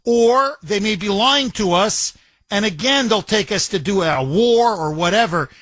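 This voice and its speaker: A man's voice: sits high, lively intonation, measured pace, a bit bright, no room sound. A man hosting a talk radio show, speaking emphatically and repeating himself for effect while taking calls. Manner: emphatic, repetitive, combative.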